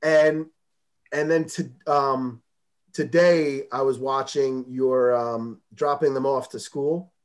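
A male podcast co-host chatting casually, with hesitant, halting restarts. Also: medium pitch, fairly even intonation. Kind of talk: casual chat.

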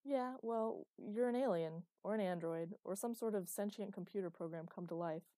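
A woman voicing a brash, crude young man who mocks his friends loudly in an audiobook. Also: medium pitch, moderate pace, no echo, lightly acted. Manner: loud, mocking and crude.

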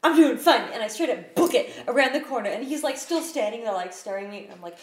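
Casting: woman podcast host, slightly high voice, foul-mouthed lively storyteller, echoey room with faint hiss. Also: quick pace. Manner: profane, animated storyteller. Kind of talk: casual chat, storytelling.

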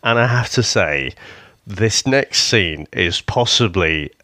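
Man, very low voice, dry close sound, easygoing casual chat. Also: expressive, slow pace, sharp tone, dry recording. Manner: easygoing, asking for agreement. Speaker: podcast co-host.

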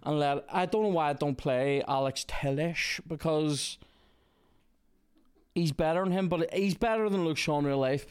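A Northern Irish man hosting a podcast, chatting casually and swearing in excited bursts while playing a football video game. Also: mid-range voice, smooth. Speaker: podcast host. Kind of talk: casual gaming chat and commentary. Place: indoors with a small audience.

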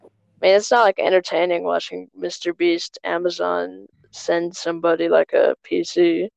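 A woman's voice: fairly low pitch, little pitch movement, moderate pace, vocal fry, darkish tone, no echo. A woman hosting a casual chat over a phone call, asking easygoing questions. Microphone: phone on a group call.

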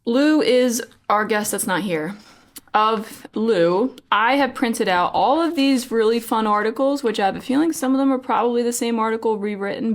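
A woman's voice: on the high side, moderate pace. A woman co-hosting a casual craft podcast, reading articles aloud in a playful, teasing way and stumbling over hard words. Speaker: podcast co-host.

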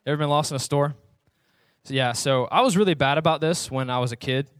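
Young male pastor, fairly high voice, easygoing joking sermon, dry close sound. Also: a little fast, fairly bright tone, dry recording. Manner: casual, joking, talks to the audience. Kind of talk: sermon with personal stories.

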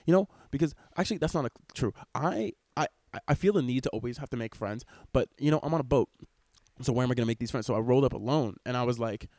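Fast-talking young man ranting on a podcast. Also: mid-range voice, no room sound, clean studio sound. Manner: rambling, excitable, swears freely. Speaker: podcast host. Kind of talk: casual podcast chat. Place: in public on a cruise ship. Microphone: wearing headphones, laptop recording.

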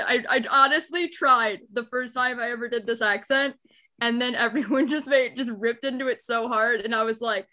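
A woman's voice: high-pitched, fairly even intonation, normal speed, sharp tone. A young woman in casual podcast chat, rambling and chatty with laughing asides.

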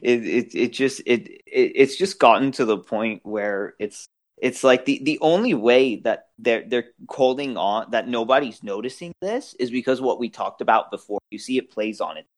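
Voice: medium pitch, moderate pace. A podcast panelist in a casual group discussion, talking animatedly with many stammered restarts.

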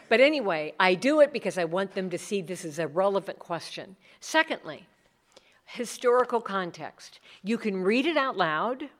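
This conference talk features a middle-aged woman leading a workshop in a lowish voice. Chatty and animated, she acts out the words of others.

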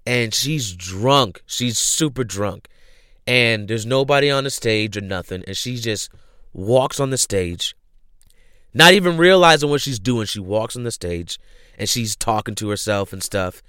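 A young man casually retelling a show's plot, animated, acting out the characters' lines with lots of slang and swearing. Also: on the low side, measured pace, clean tone, dry recording, clean studio sound.

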